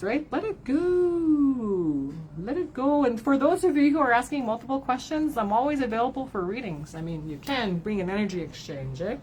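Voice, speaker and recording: A woman's voice: medium pitch, a little mellow, slight background noise, rough recording. A woman giving a card reading to her followers, talking candidly, swearing and often tagging her sentences with "right?", at times close to tears. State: tearful at times. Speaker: card reader and spiritual advisor. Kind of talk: emotional livestream talk to followers.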